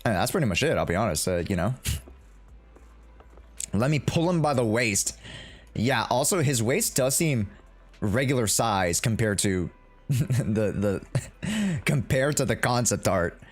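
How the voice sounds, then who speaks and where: A young man hosting a live reaction stream, talking in a loose, slangy way and breaking into laughs. His pitch bounces around a lot. Faint music plays behind him. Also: animated, measured pace, long pauses, breathy edge. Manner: hyped, slangy, laughing often.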